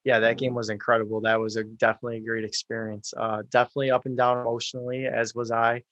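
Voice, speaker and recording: A young man chatting as a podcast guest, agreeable and steady in his delivery. His pitch is ordinary but the melody is flat and even, and the sound is dry and close. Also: fast, dry recording, muffled recording. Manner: agreeable, steady, many fillers. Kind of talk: casual chat.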